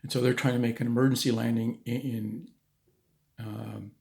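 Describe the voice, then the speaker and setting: Male storyteller, gravelly low-mid voice, casual and rambling, mid-pitched. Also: flat delivery, moderate pace, a little mellow. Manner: conversational, with frequent restarts and asides.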